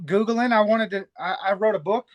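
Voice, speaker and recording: A man from Memphis hosting a live stream, chatting casually and excitedly, swearing and laughing often. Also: high-pitched, a little fast, highs cut off. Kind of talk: casual chat.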